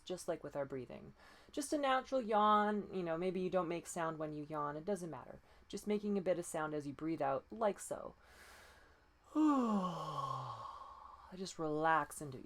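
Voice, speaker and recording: A woman voice coach leading breathing and pitch exercises, patient and encouraging, often demonstrating breathy sighs. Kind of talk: guided voice exercise lesson.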